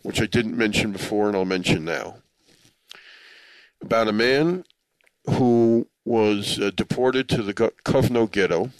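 A man with a lowish voice tells listeners a personal story at a measured pace, earnest and reflective. He chokes up easily and sprinkles in Hebrew and Yiddish religious terms. The recording is low quality, with no echo.

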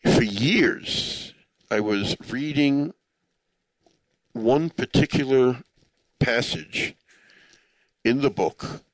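A man's voice: medium pitch, drawn-out words, long pauses, dry recording, low-quality recording. A man telling a personal story in an earnest, reflective way. He chokes up easily and drops Hebrew and Yiddish religious terms into his speech. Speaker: speaker telling a story to listeners.

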